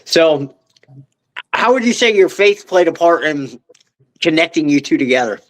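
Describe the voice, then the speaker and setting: A man hosting a podcast, asking his guest slow, drawn-out interview questions. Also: fairly high pitch, animated, fairly bright tone. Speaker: podcast host.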